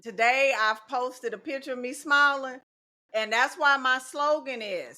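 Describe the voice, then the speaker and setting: A middle-aged woman talks in a relaxed podcast chat. Her voice is bright and sits a little high. She speaks with emphasis and comes back to the same phrases to drive her points home. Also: a little slow. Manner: emphatic, repeats key phrases. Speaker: teacher and guest. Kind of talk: casual podcast conversation.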